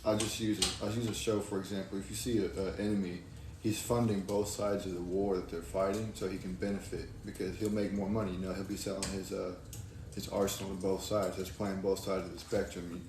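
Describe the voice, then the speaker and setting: A young man, co-hosting and explaining his view in a slow, slightly foggy, steady way. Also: low-pitched. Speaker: podcast co-host. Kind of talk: casual explanatory chat. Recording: distant roomy mic, faint noise.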